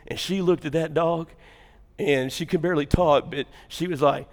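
An older man preaches a sermon in a church, voice sitting a little high for a man. He tells folksy stories and swings between loud, animated bursts and hushed, intense stretches. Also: normal speed, in a large hall. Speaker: pastor.

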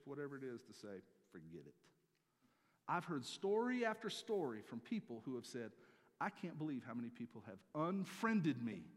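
A man preaching a sermon as pastor, swinging between loud emphatic peaks and quiet asides. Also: mid-range voice, big-room sound.

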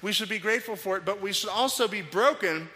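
A middle-aged man preaching as pastor speaks fast in a high-pitched voice. He tells animated stories in the church sanctuary and acts out the voices he quotes, with long hall reverb and faint music in the recording.

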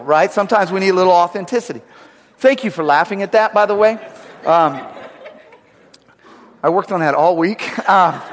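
A man's voice: high-pitched, in a large hall. A man preaching a sermon in a church, talking conversationally and often checking for agreement. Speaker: pastor.

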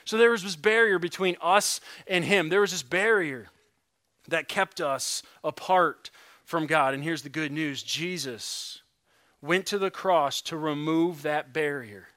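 A man preaching a sermon, earnest, reading scripture slowly and dropping to a hush on key words. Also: on the high side, dry recording, clean studio sound. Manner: reads scripture slowly and deliberately. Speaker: pastor.

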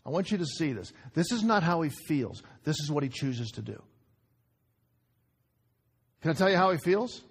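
A man's voice: a little high, big pitch swings, moderate pace, pauses often, slightly rough. Passionate man preaching a sermon. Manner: swings between loud urgent outbursts and quiet, hushed emphasis; repeats phrases for emphasis, asks the audience questions. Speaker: pastor.

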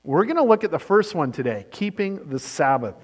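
A man's voice: fairly high pitch, sing-song. Man preaching in a reverberant hall. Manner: storytelling, shifting between brisk and slow emphatic delivery. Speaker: pastor. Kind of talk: sermon.

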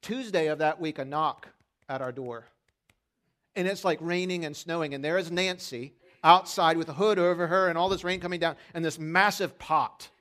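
A man's voice: on the high side, moderate pace, a bit bright. A man preaching a conversational sermon as pastor, asking the congregation questions and telling stories with humor. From Pennsylvania. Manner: storytelling with humor. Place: church sanctuary during a service.

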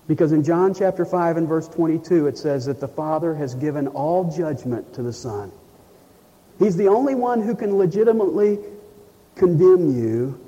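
A man preaching a sermon, emphatic, slowing down to read scripture. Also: fairly high pitch, dark tone. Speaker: pastor. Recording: dull, lo-fi sound with long reverb in a hall.

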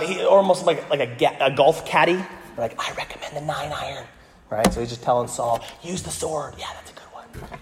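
Pastor guy preaching, fairly high voice, jokey and loose, big echoey church hall. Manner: casual, jokey preaching with playful voiced asides. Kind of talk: sermon. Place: church sanctuary. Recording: echoey hall with long reverb.

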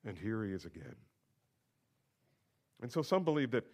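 A man preaching an expository sermon as pastor, moving between quiet asides and rising, emphatic declarations. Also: fairly low pitch, very animated, moderate pace.

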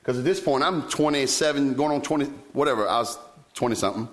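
Pastor, man, thirties, mid-pitched voice, storytelling sermon that jumps high when he acts out his own lines. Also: quick pace. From Virginia, US. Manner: animated storytelling, sudden leaps in pitch when quoting himself.

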